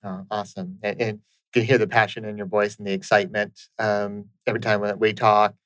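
A man's voice: lowish voice, level tone, fairly quick, a bit bright, no room sound, rough recording. A man hosting a conversational interview, earnest and affirming, often checking in with "right?". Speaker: interviewer host.

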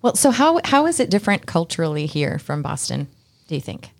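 A woman's voice: sits low, sing-song, brisk, vocal fry. A woman hosting an interview, asking friendly, curious questions in a casual way. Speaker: interviewer host.

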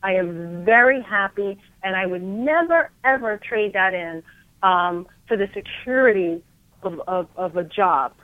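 Animated woman over a phone line. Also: mid-range voice, a little slow, dry recording. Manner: energetic, animated, repeats words. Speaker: coach, guest. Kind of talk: casual interview chat.

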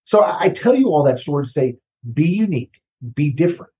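A man working as a recruiting consultant, talking casually as an interview guest, often restarting words and tagging sentences with a quick question. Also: fairly high pitch, sing-song, dark tone, highs cut off. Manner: conversational, repeats words, tags "right?".

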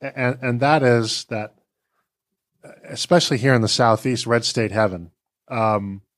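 Guy hosting an interview, stop-start questions, mid pitch, chatty asides. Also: measured pace. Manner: hesitant, with restarts and asides. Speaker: host. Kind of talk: interview questions, casual chat.

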